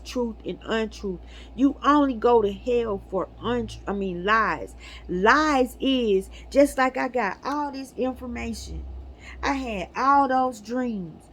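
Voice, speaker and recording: A woman who hosts spiritual videos speaks to her viewers in a casual, preachy way, stressing her points hard and breaking into laughter. Her delivery is loose and conversational, her voice on the high side, with faint background noise underneath.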